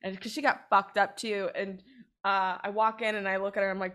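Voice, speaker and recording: A woman's voice: mid-range voice, fairly even intonation, brisk, a bit bright. A woman co-hosting a podcast, telling a long, rambling story in casual chat and swearing freely. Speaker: podcast co-host.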